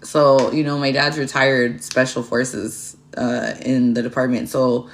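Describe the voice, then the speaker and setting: A woman's voice: very deep voice, flat delivery, a little slow. Woman, tarot livestream host, casual rambling chat, swears freely, blunt, stops to thank viewers by name.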